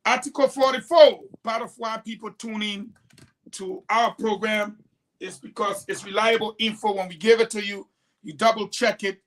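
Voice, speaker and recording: A man's voice: sits high, steady tone, moderate pace, fairly bright tone. A man with a Liberian English accent hosting a political talk show, delivering heated, scolding commentary with rhetorical challenges.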